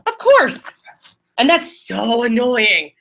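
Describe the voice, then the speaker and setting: A woman training a class of new receptionists in a room, talking quickly and chattily with many fillers and restarts. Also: a little high, big pitch swings, gravelly, a bit bright, rough recording. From Maryland.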